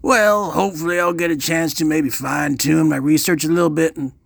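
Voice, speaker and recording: A man delivers a deadpan comedic monologue as a self-serious doctor, rambling earnestly through his story. His voice sits a bit high with a strong gravelly fry. The sound is dry and close. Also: a little fast, no room sound. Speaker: comic doctor character.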